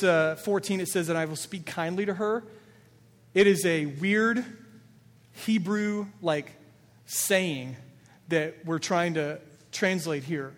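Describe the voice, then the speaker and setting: Male pastor, slightly raised pitch, earnest sermon delivery, long hall reverb. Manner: earnest, builds emphasis, quoting scripture with feeling.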